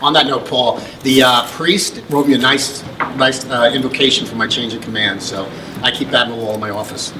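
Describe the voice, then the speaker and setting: A man's voice: medium pitch, fairly even intonation, a little fast, heavy background noise. A middle-aged American man presenting an award at a ceremony, telling a long anecdote with restarts and fillers. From United States. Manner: rambling anecdotal delivery with many restarts. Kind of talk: storytelling speech. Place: function room.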